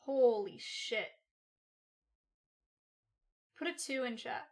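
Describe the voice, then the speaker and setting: Her voice fairly high and animated at a moderate pace, a young adult woman on a livestream shares a personal story with her chat. She rambles casually, swears, and leans heavily on "like."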